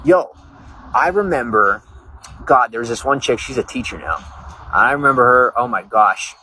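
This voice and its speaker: A man's voice: mid-range voice, expressive, normal speed, pushed and bright. A man live-streaming, chatting casually and rambling, greeting viewers by name. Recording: noisy background.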